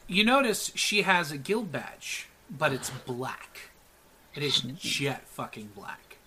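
A man narrating as game master in a relaxed, hesitant way with many fillers. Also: on the high side, slow, slight background noise.

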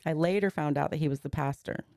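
A woman's voice: deep voice, fast talker, gravelly, a little mellow, no echo, clean studio sound. A woman in her forties, a podcast guest, earnestly recounting a personal story step by step and slipping into the words of the people in it. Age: 40s.

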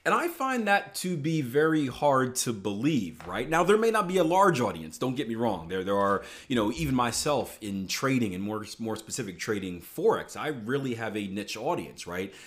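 Middle-aged man, trading coach, casual motivational monologue, keeps asking "right?", voice jumps up high when fired up. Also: normal speed, few pauses. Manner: conversational, repeats "right?" often, animated rises.

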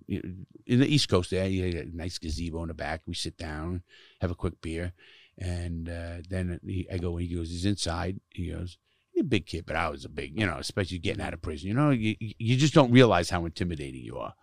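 A man's voice: sits low, dry recording, studio quality. A middle-aged man telling stories from his life in casual conversation, blunt and emphatic, cursing often to stress his points. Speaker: guest, former prisoner who speaks to youth.

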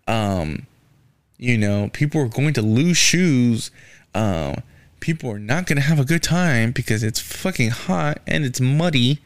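A man's voice: medium pitch, dry recording. A young man hosting a casual solo podcast, ranting with lots of swearing and filler words. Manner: profane, ranting, frequent "man" and "um". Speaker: podcast host. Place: Houston.

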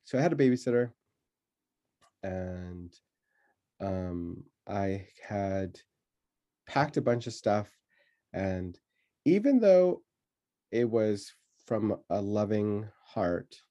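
A man telling a childhood story in casual conversation, laughing often and pausing with many fillers. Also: on the low side, sing-song, warm tone, lo-fi sound.

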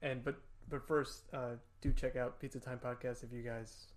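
A young man hosting a podcast, joking around and sometimes slipping into a lower reading voice. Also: flat delivery, normal speed. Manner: joking, drops into a low reading voice. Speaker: podcast host. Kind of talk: casual podcast banter.

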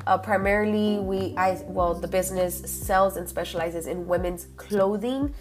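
A woman's voice: medium pitch, moderate pace, over music. A young woman hosting a podcast, chatty and gushing, slipping Spanish phrases into her English. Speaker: podcast host. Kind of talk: casual chat.

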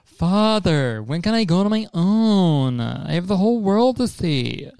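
A man's voice: high-pitched, very animated, measured pace, vocal fry, darkish tone, clear, resonant tone, dry recording, studio quality, pitched above the performer's own voice, full character voice. A man putting on a mocking, exaggerated voice of a wooden puppet boy. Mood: teasing.

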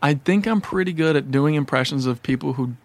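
A man's voice: on the high side, brisk. A man guesting on a comedy podcast, talking loosely and joking, swearing freely as he riffs. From Chicago. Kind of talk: casual comedic chat.

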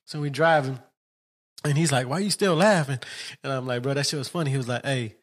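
A man's voice: medium pitch, fairly quick. A man co-hosting a podcast, telling a story in casual chat, swearing freely and laughing often. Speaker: podcast co-host.

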